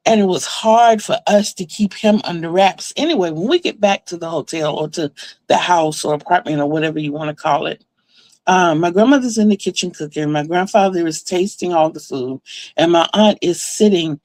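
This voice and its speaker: A woman's voice: lowish voice, moderate pace, a little mellow, no echo. A woman vlogger telling a story in a casual, chatty way, with lots of fillers and laughs between her sentences. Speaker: crafting vlogger. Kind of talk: casual storytelling about a dream.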